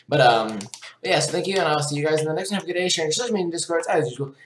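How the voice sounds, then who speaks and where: A man's voice: fairly high pitch, fast, echoey room, background noise. A man, a gaming YouTuber, reading an article aloud and arguing back at it in an indignant reaction commentary.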